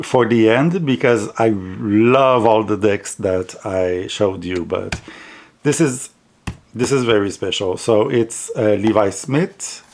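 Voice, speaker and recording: Slow-talking man with a French accent. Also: on the low side. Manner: unhurried, rambling, with restarts and self-corrections. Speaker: tarot deck reviewer. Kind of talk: casual video chat.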